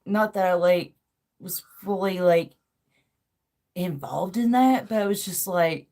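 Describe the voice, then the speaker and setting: A woman's voice: on the low side, slow, vocal fry, dark tone. A woman, chatting casually as a podcast host, rambling and swearing freely with lots of "like". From American South. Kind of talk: casual chat.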